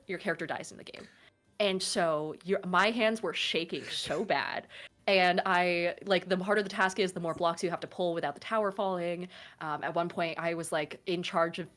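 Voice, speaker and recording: Her lowish voice has a slight brightness. She is a twentysomething from Oregon, a tabletop game master and streamer, casually chatting as a guest about running games with plenty of filler words and self-mocking remarks.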